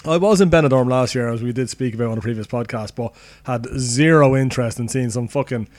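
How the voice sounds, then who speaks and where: A man's voice: mid-range voice, fast, a little mellow, no room sound. Rambling, jokey Irish man. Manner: jokey, rambling, laughs often. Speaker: podcast co-host. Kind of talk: casual banter.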